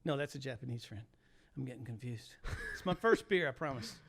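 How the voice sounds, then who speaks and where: Gravelly older man telling animated stories. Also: medium pitch, fairly quick. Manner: animated, laughs through his stories. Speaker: guest, former high school teacher. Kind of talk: casual storytelling chat.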